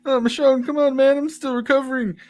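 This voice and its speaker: A man doing a high sheepish townsman. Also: steady tone, fairly quick. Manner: hesitant, full of fillers and apologies.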